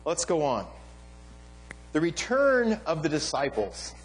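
A man delivering a sermon in a high voice that swings widely up and down. He speaks emphatically but conversationally, checking in with his listeners as he goes. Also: takes it slowly, a little hiss or hum, rough recording. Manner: animated, emphatic, with frequent "right?" asides. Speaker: pastor.

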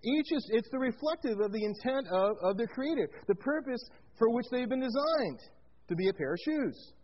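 A pastor with a very high voice speaks at normal speed on a muffled recording. He preaches animatedly, walking his congregation through a Bible passage, asking them questions and telling jokes along the way.

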